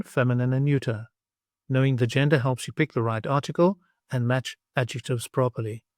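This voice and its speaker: A man narrating a scripted language lesson in a slow, clear and instructive way. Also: medium pitch, a little mellow, no echo, studio quality. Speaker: language teacher.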